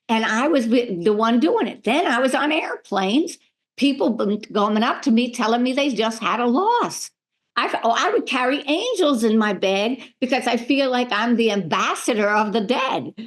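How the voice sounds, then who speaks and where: A middle-aged woman, a medium, telling lively stories in a podcast interview and acting out the voices of the people in them. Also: on the high side. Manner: animated, acts out voices in her stories. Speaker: medium and spiritual healer, guest.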